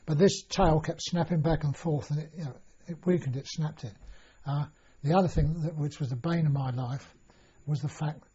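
A man's voice: fairly high pitch, moderate pace, few pauses, mellow, husky. An older man recalling his past in an oral history interview, rambling with many restarts and fillers. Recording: dull lo-fi recording.

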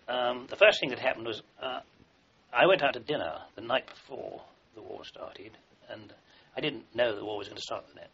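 In a husky, gravelly, mid-range voice with a sharp tone, an older army veteran rambles through long wartime memories for an oral history project, with frequent fillers and restarts. The lo-fi recording is dull.

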